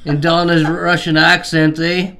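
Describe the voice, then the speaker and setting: Slow-talking crude man, high voice. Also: little pitch movement. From Canada. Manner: crude, swears a lot, drawls. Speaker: vlog host. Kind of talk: casual chat. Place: home, at a table. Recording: echoey room, faint noise.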